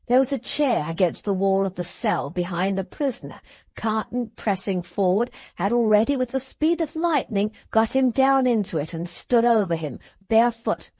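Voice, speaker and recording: A woman narrating an audiobook in a measured way, slowing at the end of phrases. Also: medium pitch, lively intonation, warm tone, no echo. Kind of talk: scripted narration of a classic novel.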